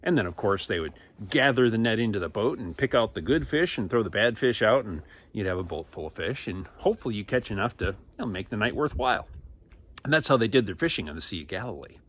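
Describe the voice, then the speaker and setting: A man telling a Bible story to children in an animated, acted-out storytelling manner. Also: lowish voice, quick pace. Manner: lively, acts out characters and sound effects. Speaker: children's church teacher.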